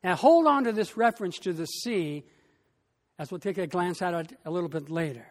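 A pastor preaching a sermon in a slow, emphatic way, with long pauses between phrases. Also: mid-range voice, animated, big-room sound.

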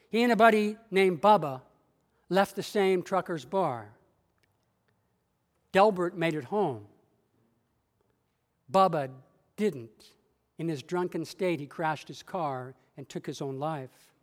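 A male pastor delivering a story sermon in a church with a measured, dramatic storytelling manner. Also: high-pitched, expressive, long reverb tail.

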